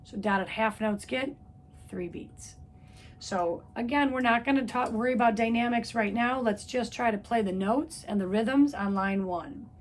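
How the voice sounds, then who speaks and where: A woman's voice: fairly high pitch, measured pace, a little hiss or hum. A woman music teacher giving a patient, step-by-step trumpet lesson, counting beats aloud. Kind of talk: instrument lesson video.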